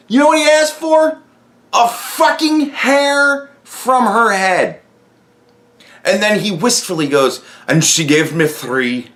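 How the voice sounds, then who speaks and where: A man hosting his own podcast, ranting in a loose, profane monologue full of swearing. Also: very high voice. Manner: animated, swearing constantly. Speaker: podcast host.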